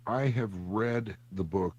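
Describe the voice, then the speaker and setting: Lower-voiced male co-host, dry and wry, casual book chat. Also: slow pace, darkish tone, husky, dry recording, muffled recording. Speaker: podcast co-host.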